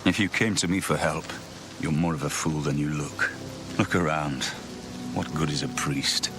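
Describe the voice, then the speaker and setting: Deep down in the very lowest register, this weary young priest from a video game speaks quietly, with a gritty, trembling edge. He sounds grave and full of doubt, and strong music swells behind him. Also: moderate pace. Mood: bitter. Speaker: game character.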